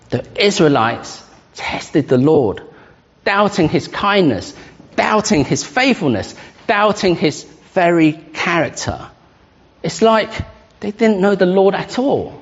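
Slow, lively preacher in a hall. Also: male voice, breathy edge. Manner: slow, emphatic, lively pitch with dramatic pauses. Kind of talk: sermon. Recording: dull reverberant hall.

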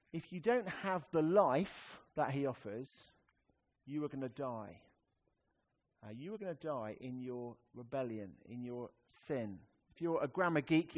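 A man delivering a sermon in a casual, wry, conversational manner. His voice sits a little high for a man and moves a lot, jumping up for emphasis and sinking low and soft for serious points. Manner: conversational, wry, with sudden emphatic rises and quiet drops. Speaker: preacher.

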